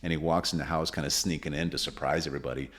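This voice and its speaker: An earnest man with an extremely deep, low voice co-hosts a casual podcast conversation. He tells stories at length and often stops to restart a sentence. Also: steady tone, very fast, fairly bright tone. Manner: earnest, storytelling with frequent restarts. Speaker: parenting podcast co-host.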